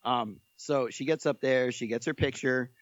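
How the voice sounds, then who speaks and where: A man guest on a podcast telling a story in a casual, animated, joking way. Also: mid-range voice, normal speed, no echo, lo-fi sound.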